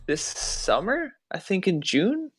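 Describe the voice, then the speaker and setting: Slow-talking higher-voiced male host. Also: very animated, a little hiss or hum. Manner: slow, hesitant, with many mm-hmms. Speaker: podcast co-host. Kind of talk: casual chat.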